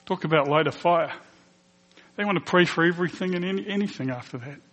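A man's voice: on the high side, fast, a bit bright. Earnest male pastor in a reverberant hall. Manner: earnest storytelling, acting out quoted dialogue. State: emotional. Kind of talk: personal testimony in a sermon.

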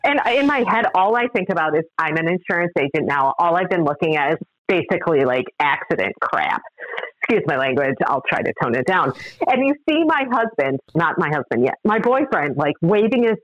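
A woman's voice: lowish voice, a little fast, dry recording. Middle-aged woman telling a story, voice jumps all over, dry dull recording. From Upper Midwest of the United States. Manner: lively, acts out other people's lines. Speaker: guest. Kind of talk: animated storytelling.

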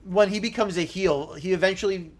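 A high-pitched man co-hosting a casual podcast. He talks in quick, excited bursts and laughs often. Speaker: podcast co-host. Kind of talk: casual chat.

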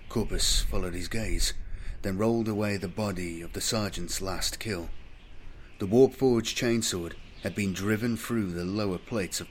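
A man giving measured, dramatic scripted audiobook narration. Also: low-pitched, slight background noise.

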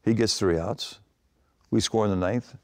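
An older man, a retired baseball manager appearing as a guest, answers interview questions by telling long, rambling stories full of restarts and acted-out quotes. His voice is lowish and a little mellow, and he speaks at a moderate pace.

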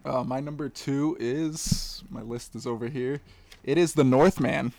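A man's voice: mid-range voice, measured pace, vocal fry, a little mellow. A man on a movie podcast, chatting in a laid-back, joking way. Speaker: podcast guest. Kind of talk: casual chat.

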